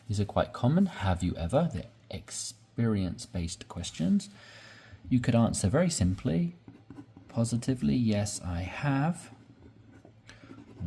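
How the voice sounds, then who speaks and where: A man's voice: medium pitch, mellow, husky. A man teaching English conversation, explaining sentence structure step by step and often checking in with "right?".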